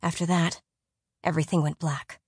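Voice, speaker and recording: A woman narrating a children's storybook audiobook in a measured, suspenseful way. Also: low voice, level tone, a little mellow, slightly rough, no echo, clean studio sound.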